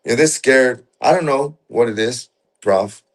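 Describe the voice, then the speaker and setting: As a guest in a casual conversation, a man with a mid-range voice recounts a story. He often halts and restarts, and his speech is rough and profane.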